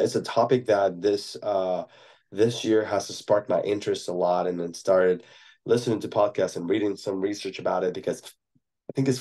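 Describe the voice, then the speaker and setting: A man's voice: sits low, dark tone. A man, a performance coach, answering a podcast question in a thoughtful, explanatory way, often checking in with tag questions.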